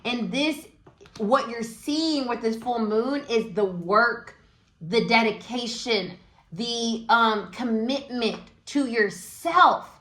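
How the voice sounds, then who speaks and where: A woman's voice: on the high side, slow, a bit bright, reverberant. A woman giving a casual, encouraging tarot reading, talking aloud with many fillers. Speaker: tarot reader.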